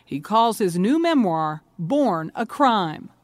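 A woman correspondent narrating a news feature in a measured, polished reporter delivery. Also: mid-range voice, very animated, no echo.

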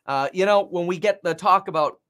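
A man with a fairly high voice talks through the news in a loose, casual commentary. He rambles, stumbling through fillers and restarts as he reacts. The delivery is unscripted and conversational. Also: fairly quick, fairly bright tone. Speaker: finance commentator.

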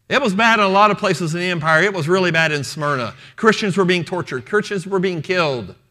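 A man delivers a sermon in a bright, forceful voice that sits a little above the usual male range. He stresses his points by repeating key phrases. He retells scripture in the first person, speaking as the apostle himself. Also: on the high side. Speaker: preacher.

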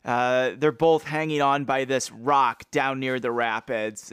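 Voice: medium pitch, steady tone, a little slow, fairly bright tone, clean tone, no echo, studio quality. A podcast co-host chatting playfully about a book, reading passages aloud with lots of animation. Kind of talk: casual book-discussion chat.

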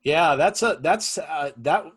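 A man's voice: a little high, expressive, takes it slowly, fairly bright tone, slightly rough. A man hosting a casual interview, mostly reacting to his guest with short interjections. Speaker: host.

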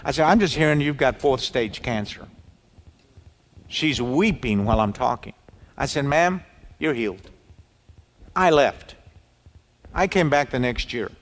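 A man's voice: mid-range voice, measured pace, long pauses. Man preaching in an echoey hall. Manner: animated storytelling, quoting people in dialogue. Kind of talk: sermon. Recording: reverberant hall.

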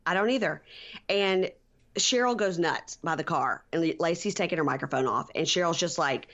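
A woman co-hosting a casual recap podcast, retelling scenes and acting out quotes in animated voices. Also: moderate pace. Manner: animated storyteller, acts out quotes with jumps in pitch. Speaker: podcast co-host.

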